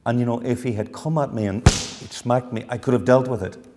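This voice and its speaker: A man's voice: medium pitch, fairly even intonation, brisk, background noise. A middle-aged man, telling a personal story in a reflective lecture. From Ireland. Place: university lecture hall. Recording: long hall reverb.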